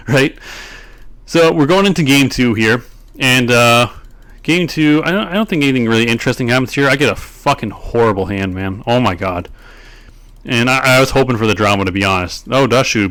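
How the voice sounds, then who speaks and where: A man's voice: mid-range voice, brisk, fairly bright tone. A man talks through a replay of his card game in casual commentary, ranting and swearing at his opponent's plays. He rambles loosely, trailing off and restarting mid-thought. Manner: frustrated, ranting, profane. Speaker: gameplay commentator. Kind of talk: casual video commentary over gameplay.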